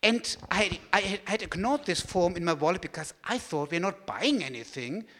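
German man, high voice, animated storyteller at a talk, large echoing hall. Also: normal speed. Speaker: speaker giving a talk.

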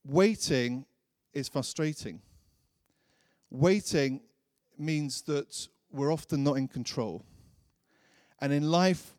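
A man's voice: on the high side, a little mellow, dry recording, studio quality. A man preaching a sermon, telling a personal story in a chatty way and acting out his own thoughts.

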